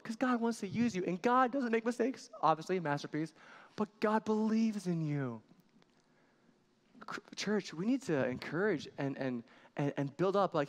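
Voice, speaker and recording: A man preaching a sermon in a church, lively and earnest, laughing often and restarting his sentences. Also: a little high. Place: church sanctuary.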